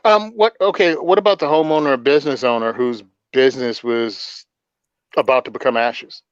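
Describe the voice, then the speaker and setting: A man's voice: medium pitch, steady tone, normal speed, smooth, dry recording, muffled recording. A man hosting a casual political chat, blunt and sarcastic, often laughing at his own points. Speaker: podcast host.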